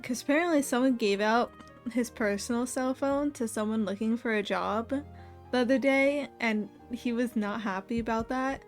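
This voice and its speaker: Chatty young woman streamer, slightly high voice. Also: a little slow, soft background music. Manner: laughs often while telling a story, animated quoting of others. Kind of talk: casual chat.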